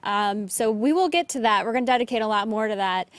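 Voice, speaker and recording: A woman co-hosting a casual news talk show, opinionated and quick to jump in. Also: on the high side, expressive, no room sound. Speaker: co-host.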